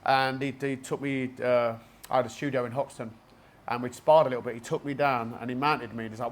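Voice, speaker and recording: A man's voice: mid-range voice, fairly even intonation, fast talker. A man with a Cockney accent from East London, a gym owner telling his story in a casual podcast interview, chatty and rambling. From East London, England. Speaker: gym owner and jiu-jitsu black belt guest. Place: basement martial arts gym.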